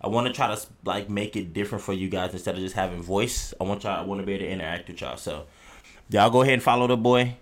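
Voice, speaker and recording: A man's voice: deep voice, fast talker. A man co-hosting a podcast in casual chat, laid-back, talking straight to the listeners as "y'all". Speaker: podcast co-host and streamer.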